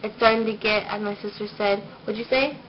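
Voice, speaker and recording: In a noisy, dull lo-fi home video, a young vlogger who is getting over a cold talks through her pregnancy news, shy and meandering with plenty of ums. She has a mid-range voice, fairly even intonation, and a fairly quick pace.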